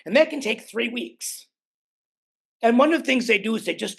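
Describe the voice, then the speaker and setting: An older man, a podcast guest, telling stories in an animated, emphatic way and swearing freely. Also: very high voice, moderate pace, creaky, long pauses, husky. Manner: emphatic, swears freely, acts out quoted voices. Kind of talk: animated conversational storytelling.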